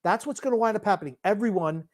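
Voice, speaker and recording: Gruff older man, insistent. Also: high voice, fast talker. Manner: gruff, insistent, repeats himself. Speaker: podcast co-host. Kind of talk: casual sports chat.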